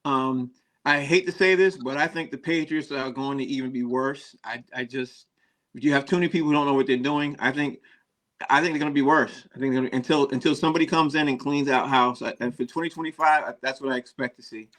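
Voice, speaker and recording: A man hosts a casual sports chat in a bright, forceful voice. He rambles, repeats his phrases and laughs often. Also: medium pitch, steady tone, quick pace. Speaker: sports show host.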